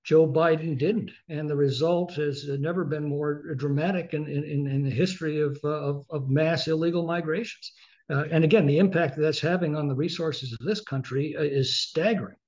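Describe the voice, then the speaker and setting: A congressman answering interview questions in a measured way, with many filler sounds. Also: a little high, fairly even intonation, a little mellow, lo-fi sound.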